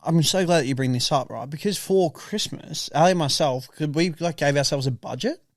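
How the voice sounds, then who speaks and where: A man's voice: on the high side, a little fast, no room sound, clean studio sound. A young man, co-hosting a podcast, chatting casually with teasing, swearing and rambling questions. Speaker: podcast co-host. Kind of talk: casual chat.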